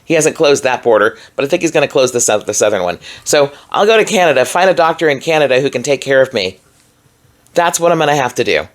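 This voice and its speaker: A woman's voice: very deep voice, animated, fast talker. A woman recording a solo video commentary alone in a room, talking in a frustrated, emphatic and rambling way with many fillers. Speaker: vlogger.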